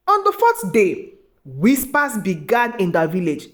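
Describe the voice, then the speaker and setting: Expressive woman storyteller, very lively pitch. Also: unhurried. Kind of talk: scripted story narration.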